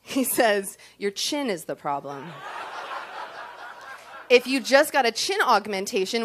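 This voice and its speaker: A woman's voice: medium pitch, a bit bright. A young woman telling a comic personal story on stage to an audience, self-deprecating and full of ums.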